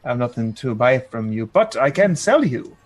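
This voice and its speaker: Man doing a haggling old auntie wizard, high put-on voice, rambling, tabletop game. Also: sing-song, normal speed, soft background music. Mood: bargaining. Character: older woman wizard, chatty and haggling.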